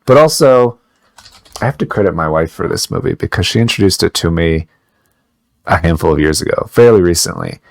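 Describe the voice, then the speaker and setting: A man's voice: low voice, lively intonation, fairly quick, vocal fry, dry recording. A man co-hosting a podcast, chatting in a loose, rambling, joking way. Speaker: podcast co-host. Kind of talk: casual podcast chat.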